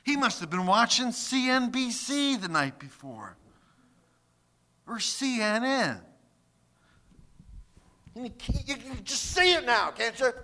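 A man delivers a sermon in a high, piercing voice with a very bright, forceful edge. He is emphatic and keeps pressing his listeners with rhetorical questions. He takes his time, letting each phrase land slowly. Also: sing-song. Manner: slips into mocking quoted voices. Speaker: preacher.

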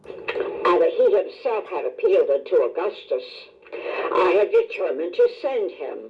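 A woman reading scripture aloud in a measured, formal way, calling out verse numbers. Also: fairly low pitch, sing-song, highs cut off. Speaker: scripture reader.

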